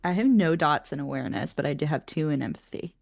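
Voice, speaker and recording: A woman's voice: low voice, expressive, quick pace, gravelly. A woman playing a tabletop role-playing game, chatting about her character's thoughts. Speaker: player. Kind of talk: tabletop role-play chat.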